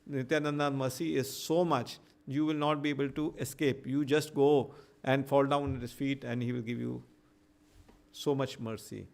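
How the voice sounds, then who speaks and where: A man teaching a devotional scripture class, stopping to translate himself line by line, with halting restarts. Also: medium pitch, steady tone, gravelly. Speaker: preacher.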